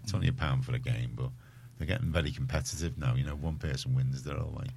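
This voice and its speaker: Very deep-voiced Liverpool radio host. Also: male voice, steady tone, fast, creaky, a little mellow, a little hiss or hum. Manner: rambling, chatty, self-mocking. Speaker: radio presenter. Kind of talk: casual community radio chat. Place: radio studio.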